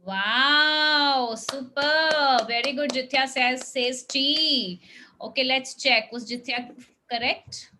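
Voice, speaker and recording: A woman's voice: high-pitched, slow, sharp tone, slight background noise, poor audio. A woman teacher, leading young children through a spelling lesson in a patient, coaxing way. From India. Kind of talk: classroom phonics lesson with children.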